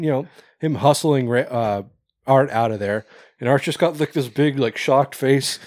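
A man's voice: mid-range voice, normal speed, darkish tone, no room sound, clean studio sound. Laughing, rambling man recapping a movie. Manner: rambling, swears, laughs often, acts out quoted characters. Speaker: podcast co-host. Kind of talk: casual movie recap chat.

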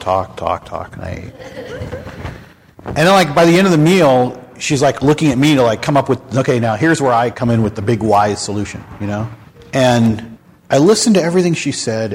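A man hosting a candid faith talk show, speaking in a frank, animated storytelling manner. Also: mid-range voice, slight background noise. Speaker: host. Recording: long hall reverb.

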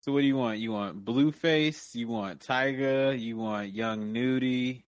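A man chatting casually on a livestream, relaxed and muttering to himself while he searches for things. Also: medium pitch, a little slow, no echo. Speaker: streamer.

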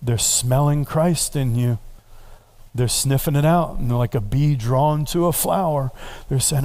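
A man preaching, a pastor telling a story in a relaxed, conversational way and building to earnest prayer. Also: medium pitch, unhurried. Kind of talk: sermon.

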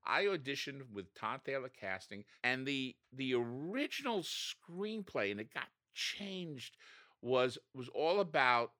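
A man, an actor, telling a story in a casual interview, jumping up in pitch as he acts out what people said. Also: unhurried, no room sound, clean studio sound. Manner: animated, acts out quotes with big pitch jumps.

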